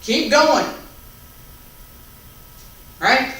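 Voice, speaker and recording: A man teaching a taiji class online, calmly calling out each movement, breath and count step by step. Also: very high voice. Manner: calm, unhurried step-by-step cueing and counting. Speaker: taiji instructor. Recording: very echoey room, mic far off, faint background noise.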